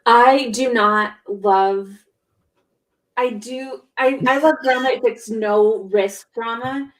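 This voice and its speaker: A woman co-hosting a podcast in casual chat, telling stories in a rambling, excitable way full of fillers. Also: on the high side, slow. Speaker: podcast co-host. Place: home.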